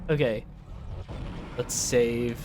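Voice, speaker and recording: A man's voice: mid-range voice, steady tone, extremely slow, noisy background. A man streaming a horror game, joking sarcastically and talking back to the game. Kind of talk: gaming commentary.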